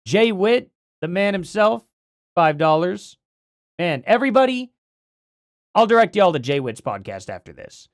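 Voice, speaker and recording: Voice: mid-range voice, big pitch swings, measured pace, no echo, studio quality. A livestream host rambling casually through commentary, thinking aloud, with a voice that is starting to go.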